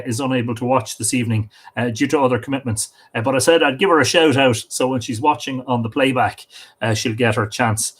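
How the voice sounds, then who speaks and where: A man's voice: mid-range voice, breathy edge. A middle-aged Irish man hosting a livestream, casually reading out viewers' comments and greeting each one by name, with small slips and restarts.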